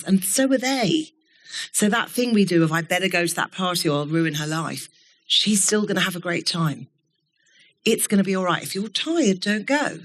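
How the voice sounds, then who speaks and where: A middle-aged woman giving a keynote talk to a live audience, telling stories in a candid, animated way and swearing now and then. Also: mid-range voice. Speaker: keynote speaker. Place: event studio before an audience.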